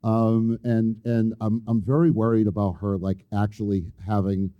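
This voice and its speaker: A middle-aged man, a school principal, telling a personal story in a halting way, with many ums and restarts, and acting out the dialogue. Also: lowish voice, little pitch movement, no echo, dull audio. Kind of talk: personal storytelling on a local TV panel.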